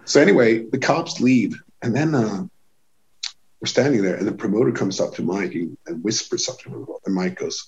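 A man from Sweden telling a tour story in casual chat, animated and swearing, acting out what people said. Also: on the low side, moderate pace, highs cut off. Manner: animated, swearing, acts out quotes with raised voice. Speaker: touring musician telling a story.

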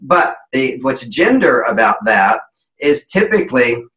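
Man, relationship expert guest, emphatic lecturing manner, bright voice, echoey room. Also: mid-range voice, big pitch swings, unhurried. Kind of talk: explanatory interview talk.

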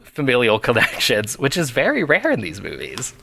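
Animated man chatting on a podcast. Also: mid-range voice, moderate pace, creaky. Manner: animated, laughs often while talking. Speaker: podcast co-host. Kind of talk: casual chat.

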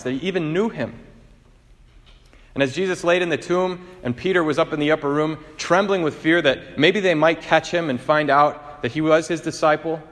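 A man's voice: on the high side, a bit bright. A man preaching a sermon and retelling gospel stories in an earnest storytelling manner. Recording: reverberant hall.

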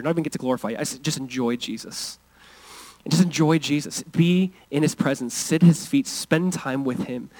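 A man with an American accent preaching a sermon as pastor, earnest, moving between intense and hushed, intimate passages. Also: a little high, dry recording, poor audio.

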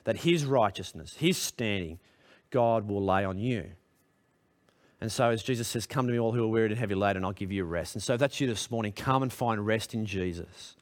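A man preaching a sermon to a congregation in a church hall, earnest and direct, putting questions to his listeners. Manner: earnest, direct questions to the congregation, pitch rising when emphatic. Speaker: pastor.

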